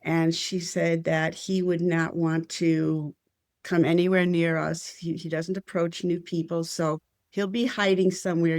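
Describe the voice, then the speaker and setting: A woman's voice: lowish voice, darkish tone, no echo, clean studio sound. An older woman telling a personal spiritual story as an interview guest, earnest and heartfelt.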